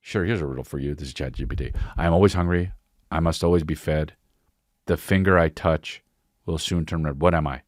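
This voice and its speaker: A man doing a flat, literal chatbot. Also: extremely low pitch, brisk, no room sound, clean studio sound, voice pushed down. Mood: deadpan.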